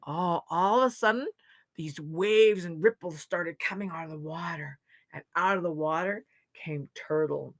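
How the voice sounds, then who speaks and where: A woman's voice: lowish voice, measured pace, dry recording. A woman from Canada telling a traditional legend as a storyteller, with dramatic rises and falls. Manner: expressive, dramatic dynamics. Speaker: storyteller, knowledge keeper. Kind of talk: oral storytelling to an audience.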